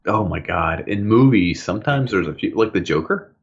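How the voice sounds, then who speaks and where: A man's voice: low voice, normal speed, muffled recording, a crowd in the background. A man co-hosting a casual podcast chat, telling stories with lots of laughter and acted-out quotes. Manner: animated storytelling, acts out quotes, laughs a lot. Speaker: podcast co-host.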